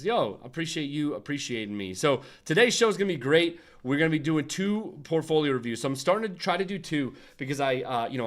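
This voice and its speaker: A young man hosting a casual design livestream, rambling and laughing as he chats with viewers. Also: mid-range voice. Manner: rambling, restarts, frequent laughs and asides to chat. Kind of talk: casual livestream chat and tutorial.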